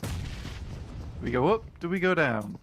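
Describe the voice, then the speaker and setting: A man's voice: fairly high pitch, big pitch swings, normal speed, a bit bright, a little hiss or hum. A man co-casting a live esports match, trading playful banter and analysis with his partner. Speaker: esports co-caster.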